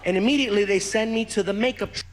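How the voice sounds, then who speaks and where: Man, stand-up comic, high bright voice, laughing storyteller, echoey hall. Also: very fast. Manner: animated, laughing, doing voices. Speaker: comedian. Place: large theater stage.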